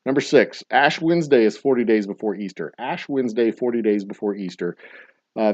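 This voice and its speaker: A man's voice: on the low side, a little mellow, dry recording. A man hosting a casual trivia night, reading out answers and rambling into dad jokes and asides. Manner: jokey, rambling dad-joke storyteller. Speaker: trivia host. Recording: dull, dry lo-fi sound.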